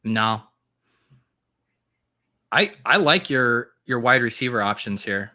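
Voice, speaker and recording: A man's voice: mid-range voice, lively intonation, slow, pushed and bright. A man co-hosting a casual fantasy football live stream, joking and teasing his partner as they talk through the picks.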